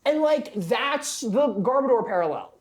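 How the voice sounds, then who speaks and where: A woman co-hosting a podcast in casual chat, animated and teasing, talking in quick bursts. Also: high-pitched. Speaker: podcast co-host.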